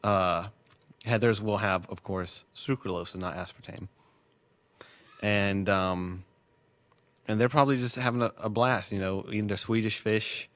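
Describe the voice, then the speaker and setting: A man's voice: lowish voice, fairly even intonation, unhurried, pauses often, fairly bright tone, dry recording. A man rambling casually as host of a test livestream at work, joking and losing his train of thought. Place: workplace.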